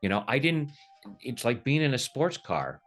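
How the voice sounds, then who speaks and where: A man explaining a tapping technique in a relaxed, jokey way, slipping into quoted voices as he talks. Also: mid-range voice, normal speed, soft background music. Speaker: tapping practitioner, guest. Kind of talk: casual teaching over video call.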